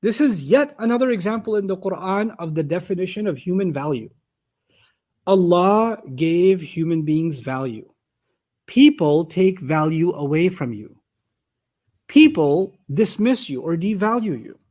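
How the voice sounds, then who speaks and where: A man's voice: high-pitched, animated, unhurried, a little mellow. A man giving an explanatory lecture on scripture, reading out Arabic terms and then explaining them in plain words. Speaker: Quran teacher.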